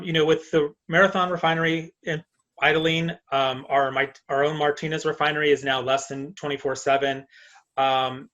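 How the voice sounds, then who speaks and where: A man's voice: fairly high pitch, fairly bright tone. A man with a mid-range voice on dull, lo-fi video call audio. He talks as a council candidate in a casual, practical way with the odd filler. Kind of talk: candidate forum answer.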